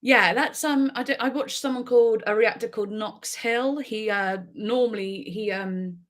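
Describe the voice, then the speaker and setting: A woman's voice: on the high side, moderate pace. A woman, a music reaction YouTuber, chatting casually and rambling on a livestream, laughing often.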